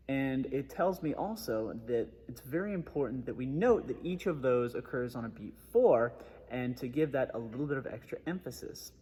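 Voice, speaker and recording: A man's voice: mid-range voice, warm tone, husky, long reverb tail. A man giving a methodical trombone lesson, explaining articulation step by step. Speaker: trombone teacher. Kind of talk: instructional music lesson.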